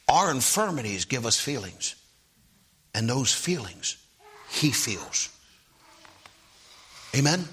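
A man preaching a sermon, often asking the congregation "Amen?" and swinging from hushed tones to loud rising calls. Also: mid-range voice, very animated, slow pace, pauses often, husky. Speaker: pastor.

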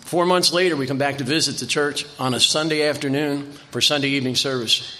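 A man's voice: mid-range voice, steady tone, fairly quick, pushed and bright, slight background noise. An older man preaching a sermon in a church, telling folksy stories and repeating phrases for emphasis. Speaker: visiting preacher.

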